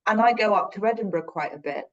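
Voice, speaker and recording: A woman's voice: medium pitch, quick pace, dull audio. A British woman on a podcast, reflectively telling a personal story in a rambling, earnest way that often corrects itself. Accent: British English. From Britain.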